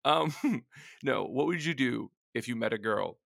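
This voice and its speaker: Gravelly, bright-voiced man joking crudely. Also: medium pitch, lively intonation, measured pace, no echo, studio quality. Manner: crude joking, acts out voices of others, laughs often. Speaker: podcast host. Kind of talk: casual comedic chat.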